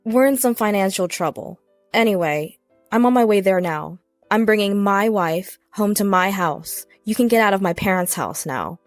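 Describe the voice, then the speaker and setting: A man's voice: high-pitched, animated, moderate pace, no echo, faint music behind. A woman reading a panicked runaway husband. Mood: smug. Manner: bewildered, pleading.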